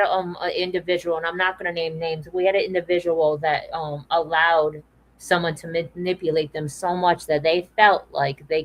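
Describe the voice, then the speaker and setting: A woman with a lowish voice hosts a conversation. She speaks earnestly and leans on repeated phrases to drive her points home. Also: fairly bright tone, low-quality recording. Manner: emphatic, repeats phrases for weight. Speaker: podcast host. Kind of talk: earnest awareness talk.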